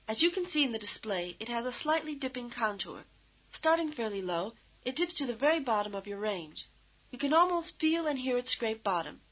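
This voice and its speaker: Higher woman narrating old course audio. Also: dull audio. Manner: measured, explanatory. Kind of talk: scripted instructional narration.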